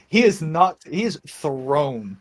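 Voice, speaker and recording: Hesitant young male game master. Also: a little high. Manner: casual, hesitant narration with many fillers. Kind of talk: narrating a tabletop game.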